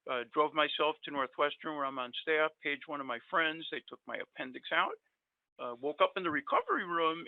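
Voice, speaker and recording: This is casual storytelling from a middle-aged man who is a guest dentist, spinning long, wandering anecdotes about his life with many filler words. His gravelly voice sits on the high side, and the recording is dry and tinny, like a phone line.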